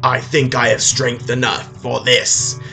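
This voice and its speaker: A man voicing a villainous dark wizard who declaims his threats in a comedy retelling. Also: mid-range voice, flat delivery, unhurried, vocal fry, soft background music. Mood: menacing.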